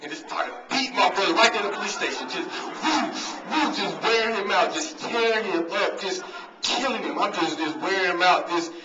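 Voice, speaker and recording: A man's voice: high-pitched, a little fast. Man telling stories at a banquet. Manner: storytelling, talks straight to the crowd. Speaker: guest speaker and coach. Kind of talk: humorous motivational banquet speech. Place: large hall at a sports banquet. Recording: echoey hall, distant mic, dull sound.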